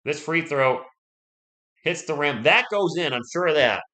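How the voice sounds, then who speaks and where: A man hosting a live stream, giving casual play-by-play commentary, chatty and excitable, and talking straight to his viewers. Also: fairly high pitch, measured pace. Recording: echoey room.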